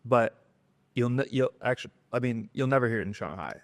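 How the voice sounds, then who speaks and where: A man's voice: medium pitch, brisk, no echo. A man co-hosting a podcast, explaining in a casual, conversational way. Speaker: podcast co-host. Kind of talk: casual chat.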